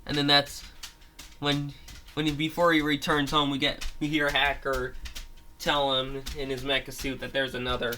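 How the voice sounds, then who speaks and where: Bright-voiced man rambling through a story. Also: mid-range voice, completely flat delivery, moderate pace, a little hiss or hum. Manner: rambling, many restarts and "like". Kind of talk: casual story retelling. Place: home with his grandma nearby.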